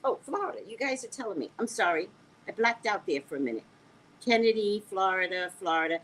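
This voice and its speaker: A woman with a squeaky voice hosting a casual live stream, reading quiz questions to her viewers and bantering with them in a sassy way. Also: brisk, low-quality recording. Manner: sassy, animated, talks back to viewers.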